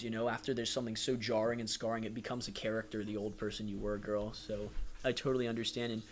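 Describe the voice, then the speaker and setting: A man with a lowish voice hosts a casual livestream, affectionate and supportive, using lots of fillers as he reads viewer comments aloud. There's slight background noise.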